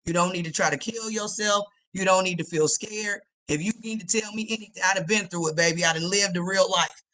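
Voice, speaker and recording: A middle-aged woman tells her own story to a listening group in a direct, plain-spoken way. Her voice is bright and clear-edged. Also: fairly low pitch, fairly quick, slight background noise, rough recording. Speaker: open mic participant. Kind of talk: personal testimony in a group discussion.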